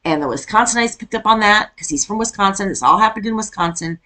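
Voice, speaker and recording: A woman's voice: medium pitch, lively intonation, quick pace, pushed and bright. A middle-aged woman from Iowa, chatting casually as she reacts to a video and rants with laughs. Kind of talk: casual chat reacting to a clip.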